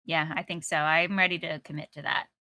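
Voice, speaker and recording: A woman's voice: deep voice, little pitch movement, a little fast, sharp tone. A young woman co-hosting a game stream, chatty and giggly, wandering off on tangents. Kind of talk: casual game-stream chat.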